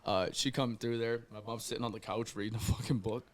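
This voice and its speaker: A young man telling rowdy stories in a casual podcast chat, doing loud mocking voices when he quotes people. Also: mid-range voice, steady tone, brisk. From Ohio. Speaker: podcast guest.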